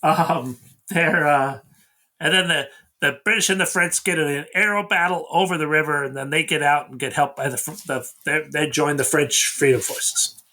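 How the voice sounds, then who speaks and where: A man's voice: fairly high pitch, normal speed, sharp tone. A man in his sixties hosting a casual movie recap, rambling through the plot and acting out lines. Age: 60s. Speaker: podcast host.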